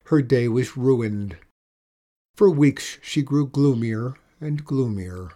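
A man reading a children's story aloud in a steady, measured way. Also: medium pitch.

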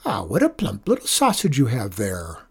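A storyteller voicing Griselda, a sharp-tongued, grouchy old village woman who scoffs and snaps. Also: mid-range voice, huge pitch swings, normal speed, husky, full character voice. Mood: flustered. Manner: snappish, scornful scoffing.

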